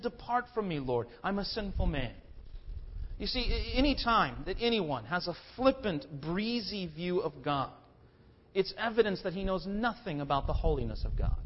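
High-voiced man preaching an emphatic sermon. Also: breathy edge, highs cut off. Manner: emphatic and dramatic, acting out quotes.

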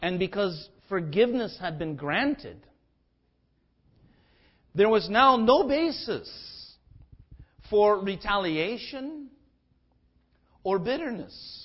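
A man preaching a sermon, his fairly high voice rising and falling with strong feeling. He slips into casual, conversational voices when acting out the people in his text. The recording sounds slightly muffled and lo-fi. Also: very animated, slow pace, long pauses. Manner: impassioned preaching with wide swings in pitch and loudness; acts out biblical speakers in a conversational voice. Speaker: pastor.

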